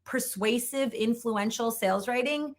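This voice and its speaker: A woman's voice: on the high side, measured pace. Emphatic woman giving a sales training talk. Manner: upbeat, emphatic, repeats points for effect. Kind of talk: conference keynote talk.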